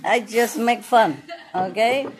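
A woman's voice: a little high, takes it slowly, soft background music. A woman guiding a group at a restaurant table, joking and teasing in playfully non-native English and laughing often. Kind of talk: casual joking chat.

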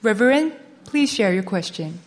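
A woman's voice: mid-range voice, expressive, moderate pace. A woman moderating a formal event, politely announcing questions and speakers. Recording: long echo of a large hall.

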